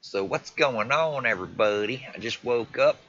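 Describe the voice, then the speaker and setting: A man's voice: mid-range voice, lively intonation, moderate pace, a bit bright, no echo. A man livestreaming, animatedly reacting to and retelling video clips, swearing casually. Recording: dull lo-fi stream audio with faint noise.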